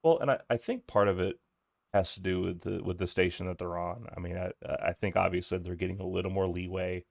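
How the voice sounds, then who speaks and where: A man's voice: low voice, steady tone, fairly quick, vocal fry, no echo, studio quality. A man co-hosting a podcast, chatting casually through a wrestling recap and quoting lines from the show. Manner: laid-back, quotes lines from the show. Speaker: podcast co-host.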